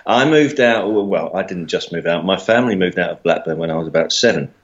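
Laughing Mockney-accented man, low voice. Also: animated, fairly quick, highs cut off. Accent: southern English, Mockney. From England. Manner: self-deprecating, laughs often, repeats words. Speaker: guest comedian. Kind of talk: casual interview chat.

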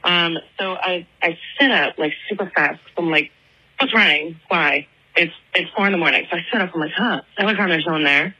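A young woman in her twenties leaves a rambling voicemail, packed with "like" and fillers. Her voice sits low but bright with a husky edge. It comes through a phone line. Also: brisk. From Atlanta. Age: 20s. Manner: chatty, filler-heavy, lots of "like". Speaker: listener calling in with a voicemail. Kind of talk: casual phone voicemail storytelling.

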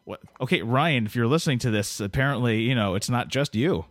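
A man's voice: medium pitch, expressive, brisk, no echo, clean studio sound, soft background music. A man hosting a podcast, chatting casually and jokily with a guest, full of fillers and restarts. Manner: rambling, jokey, many restarts and fillers. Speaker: podcast host. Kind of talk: casual interview chat.

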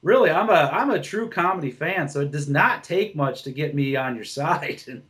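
A stand-up comic co-hosting a podcast chats casually, blunt and rambling, swearing a lot and restarting his sentences. His voice is fairly high and fairly bright, with lively intonation at a normal speed.

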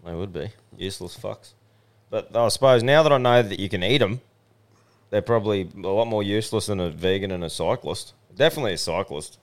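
A man's voice: lowish voice, a little fast. An Australian man co-hosting a podcast, chatting in a laid-back, swearing way and laughing often. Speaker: podcast co-host. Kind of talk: casual chat.

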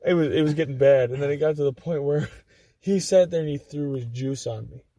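Fairly high and a bit quick, with no echo, a young man's voice carries some cursing-laced stories on a podcast where he's a guest. He's animated, voicing the quotes of the people in his tales.

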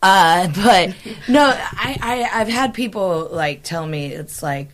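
A woman's voice: on the low side, unhurried, hardly any pauses, fairly bright tone. A woman with a Midwestern American accent, hosting a podcast in chatty, rambling conversation. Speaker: podcast host. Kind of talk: casual conversation.

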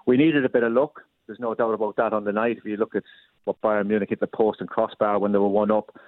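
A former footballer, a man, recalling a big match in an even tone. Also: fairly low pitch, no room sound. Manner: fast, flat recollection. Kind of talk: reflective interview. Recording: dry phone-line audio.

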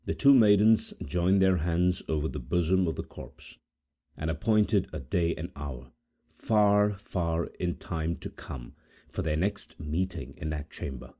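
A man reading a gothic tale aloud as an audiobook narrator, in a measured, solemn manner with dramatic pauses. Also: deep voice, dark tone. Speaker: volunteer audiobook reader.

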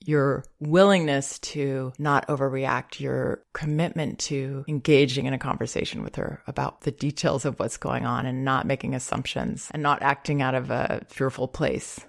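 A woman calmly giving parenting advice, gentle and reassuring, with soft laughs. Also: extremely low pitch, moderate pace, vocal fry, hardly any pauses. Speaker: parenting advisor. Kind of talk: advice talk.

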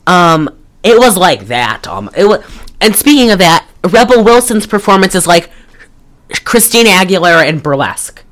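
Podcast co-host, woman, low and very animated, blunt rambling rants. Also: moderate pace. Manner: exasperated, blunt, rambling with restarts. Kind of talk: casual chat.

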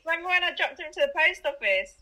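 A young woman, chatting on a video call and telling a story with lively quoted voices. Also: very high-pitched, fast, rough recording. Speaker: co-host. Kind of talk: casual video call chat.

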